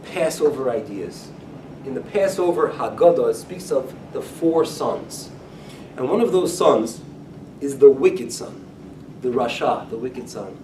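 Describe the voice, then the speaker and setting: A man teaching a Talmud class as a rabbi, talking in a conversational way and often repeating or restarting his phrases. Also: darkish tone. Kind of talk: lecture-style Talmud class. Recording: echoey room, speaker far from mic, faint rumble.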